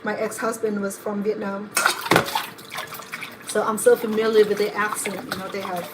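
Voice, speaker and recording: A middle-aged woman cooks at home in her kitchen while hosting her cooking vlog, telling rambling, digressive stories. Her medium-pitched voice is level at a normal speed, with running water audible in the kitchen.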